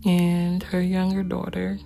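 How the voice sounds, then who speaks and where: Woman, storyteller vlogger; gravelly, flat-toned low voice, unhurried, subdued and reflective, over soft guitar music. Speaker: vlogger telling her family story. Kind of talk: personal storytelling. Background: soft acoustic guitar music.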